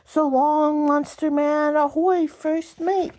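A woman reading a storybook aloud and voicing an excited young boy playing a hero. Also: sits high, slow pace, voice pushed up.

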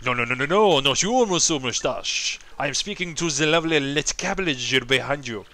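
A man's voice: a little high, expressive, normal speed, pushed and bright. A man voicing a flirty, pompous male Frenchman in a video game, with a put-on French accent and a theatrical, flowery manner. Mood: flirtatious.

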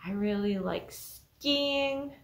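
A woman librarian leading a children's story time alone in an empty library, telling the story in an animated way. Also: medium pitch, very slow. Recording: echoey library room.

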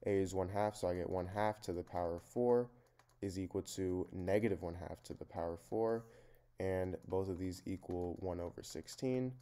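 A man with a low voice explains a math problem one step at a time. His tone is mellow and unhurried, and his delivery is plain and methodical, like a tutor talking through a worked example at his desk.

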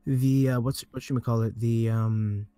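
A man co-hosting a casual gaming podcast and working through his points aloud. He often restarts his sentences, and his voice sits at a middling pitch. Faint music plays underneath. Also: fairly even intonation, moderate pace, mellow, clear, resonant tone, dry recording. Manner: rambling with many restarts, analytical. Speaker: podcast co-host.

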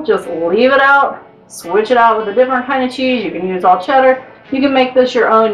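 Chatty upbeat woman, roomy and distant. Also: on the high side. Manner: chatty and upbeat, with lots of "like" and "totally". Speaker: cooking channel host. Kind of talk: casual chat to camera. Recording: roomy echo from a distant mic.

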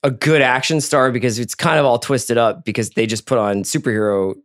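A man's voice: medium pitch, steady tone, fairly quick, fairly bright tone, no room sound, clean studio sound. A man co-hosting a podcast, thinking aloud and asking questions in casual movie chat. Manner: musing, questioning. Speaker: podcast co-host.

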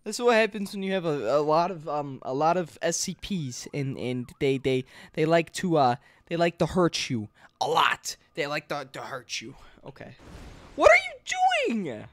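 A man hosting a live gameplay stream, excitable and joking, often yelling to his co-player. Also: fairly high pitch, normal speed, no room sound. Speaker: streamer host.

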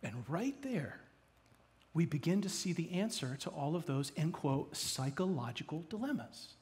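Man, pastor, high-pitched, dynamic sermon delivery, swings loud to hushed. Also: sing-song, normal speed. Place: church.

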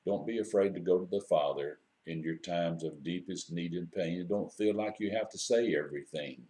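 A man with a deep, low voice delivers a brief devotional message. His tone is mellow and warm, and he tells his story in a gentle, unhurried, reflective way. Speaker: devotional speaker.

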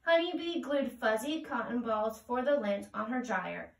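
Woman, children's storyteller, gentle sing-song read-aloud, high-ish, roomy distant sound. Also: expressive, a little slow, vocal fry. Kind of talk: reading a picture book aloud.

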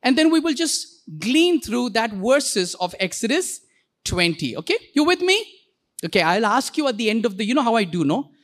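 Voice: mid-range voice, animated. A pastor preaching a sermon in a church, playful and interactive, calling on the congregation to repeat words back. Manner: playful, quick asides and jokes.

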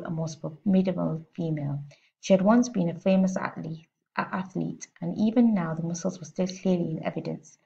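A woman teacher reading a children's storybook aloud with expressive, steady narration, heard on a slightly muffled lo-fi recording. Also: on the low side, vocal fry.

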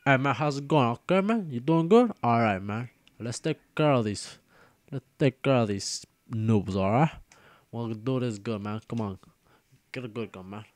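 A swaggering, boastful gangster boss put on by a man in a gaming video, drawling and tacking "man" or "okay" onto each phrase. The voice sits at an ordinary middle pitch for a man. It comes across as a cocky tough-guy impression. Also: moderate pace, darkish tone, dry recording, natural voice.

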